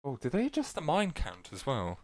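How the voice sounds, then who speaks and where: A man's voice: medium pitch, wildly swooping pitch, a little fast. A man giving casual gameplay commentary, rambling with many fillers and self-corrections, his voice cracking now and then. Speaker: gameplay video creator.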